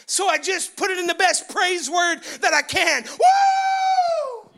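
High, bright-voiced excitable preacher man. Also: moderate pace, vocal fry. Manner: loud, excitable preaching that rises into yelling. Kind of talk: sermon. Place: church sanctuary.

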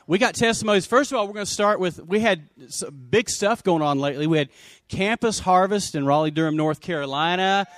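A male pastor leads a church service, full of jokes and shout-outs to the room. His voice sits fairly high and bounces with energy. The sound is dry and close. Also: dry recording. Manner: energetic, joking, shouts out to the congregation. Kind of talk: sermon.

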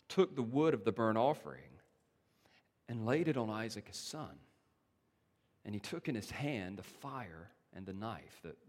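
A man preaching a sermon as pastor, moving from hushed to loud and urgent. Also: lowish voice. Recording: long hall reverb.

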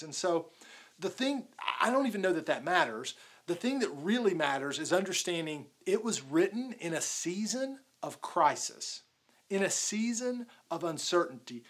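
A man preaching a sermon in a casual, conversational way, often saying "like". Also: sits high. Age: adult, married with a daughter. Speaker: pastor.

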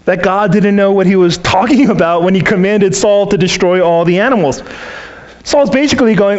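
A man's voice: high-pitched, normal speed, muffled recording. A man preaching a sermon as a pastor, storytelling and acting out the voices he quotes. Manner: animated, acts out quoted voices.

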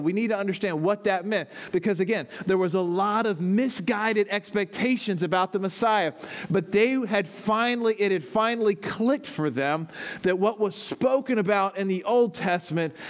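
With a high-pitched voice, this male pastor walks through a teaching sermon step by step, pausing to check in with his listeners along the way.

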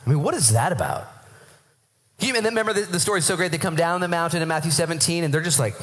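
A man preaching a sermon at a morning church service, excited and animated, acting out voices as he tells the story. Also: fairly high pitch, quick pace, poor audio. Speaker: pastor.

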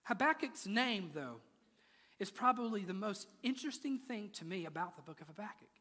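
In a church sanctuary, a pastor's sermon shifts from playful asides to intense, rising appeals. His high voice sounds pushed and bright, with lively intonation at a normal speed, and the large hall gives a long reverb.

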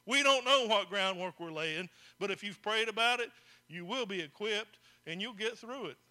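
A man's voice: high voice, animated, moderate pace, bright, forceful tone. A man preaching a folksy sermon to his congregation, speaking to them directly. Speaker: pastor. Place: church.

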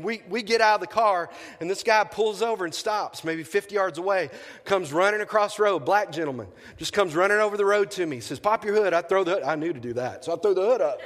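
A man's voice: sits high, fairly bright tone. A man preaching as a pastor, telling a story and acting out the dialogue. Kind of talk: storytelling sermon. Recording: long hall reverb.

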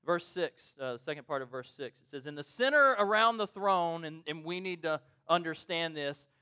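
A male pastor delivers a sermon as easy, animated storytelling. His voice sits high and sounds bright and clean, and he keeps pulling the congregation in with quick "right?" asides. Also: clean tone.

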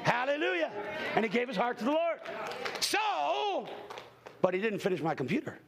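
A man preaching a storytelling sermon at a church conference session, folksy and animated, sometimes rising into shouts at the congregation. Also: very high voice, normal speed, gravelly, crowd noise, noisy background.

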